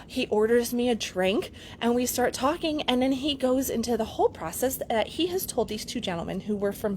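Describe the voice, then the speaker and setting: A woman's voice: mid-range voice, a little mellow, a little hiss or hum. A middle-aged woman, a relationship coach, telling a candid story to her camera in a chatty vlog, laughing easily. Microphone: camera mic.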